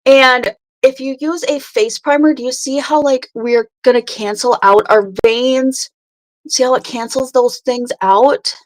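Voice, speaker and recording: Woman in her thirties, makeup livestream host, slightly high voice, chatty, greets viewers by name. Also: fairly even intonation, unhurried, rough recording. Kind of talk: casual livestream chat and makeup tutorial. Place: home at night.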